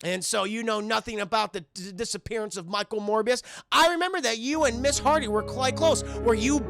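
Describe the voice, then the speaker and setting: A man's voice: very high voice, brisk, gravelly, a bit bright, soft background music, exaggerated voice. Interrogating female cop, needling, pushy, as a streamer acts her out. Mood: accusing. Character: pushy accusing female police detective.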